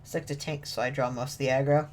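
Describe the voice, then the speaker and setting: A woman's voice: extremely low pitch, steady tone, fast talker, darkish tone, a little hiss or hum. A woman streaming a video game from home, chatting and joking with viewers and her dog, laughing often. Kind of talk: casual gaming stream chat. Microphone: desk mic with webcam.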